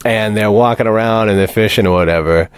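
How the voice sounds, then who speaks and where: A man hosting a radio talk show, chatting casually and retelling movie scenes with animated energy. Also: fairly low pitch, brisk, clear, resonant tone, no room sound. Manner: animated storyteller, acts out movie lines. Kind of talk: casual studio chat. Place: radio studio.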